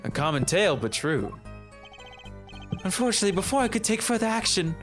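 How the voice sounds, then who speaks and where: A man voicing a calm, smug male murder witness in a fan-dubbed courtroom game, with lively pitch. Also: a little fast, faint music behind. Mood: composed.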